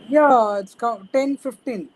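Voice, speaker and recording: High-voiced man, halting answers. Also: darkish tone, a little hiss or hum, rough recording. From India. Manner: halting, short broken phrases. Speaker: guest. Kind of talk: interview answers.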